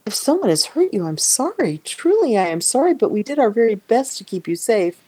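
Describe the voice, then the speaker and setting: A woman's voice: a little high, very animated, a little fast, dark tone, breathy edge, no echo, pitched above the performer's own voice. A woman reading aloud the lines of a kindly, patronizing doctor with a soothing, condescending manner.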